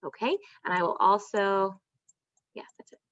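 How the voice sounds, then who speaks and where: A woman teaching an online first-grade phonics lesson, stretching out letter sounds slowly and praising in a sing-song way. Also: mid-range voice, dry recording. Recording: dull, dry lo-fi sound.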